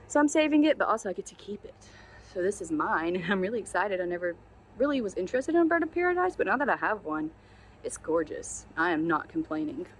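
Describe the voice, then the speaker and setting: A woman hosting a casual houseplant tour outdoors, chatty and gushing, quick to poke fun at her own plant care. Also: on the low side, very animated, a little hiss or hum. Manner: chatty, gushing and self-deprecating. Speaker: plant channel host. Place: outdoors on a sunny day.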